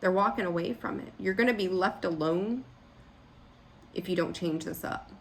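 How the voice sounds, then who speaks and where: A woman's voice: fairly low pitch, moderate pace, a little hiss or hum. Woman, tarot reader, blunt, frank, rambling, casual monologue. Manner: rambling with restarts.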